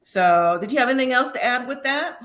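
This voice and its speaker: Chatty, opinionated woman host with a bright, slightly high voice for a casual review stream. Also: animated, brisk. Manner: chatty, opinionated, laughs often. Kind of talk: casual live review chat.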